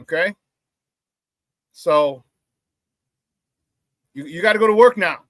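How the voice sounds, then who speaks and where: A man hosting a live sports talk show, hyped and loud, with casual slangy banter as he reads out chat shout-outs. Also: high-pitched, animated, slow pace, no room sound.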